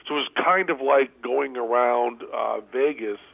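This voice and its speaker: A gravelly-voiced man speaking as a radio guest over a tinny phone line. He tells his stories with dry, deadpan humor, and the sound is close and dry. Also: medium pitch, normal speed, no room sound. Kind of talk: casual phone interview storytelling.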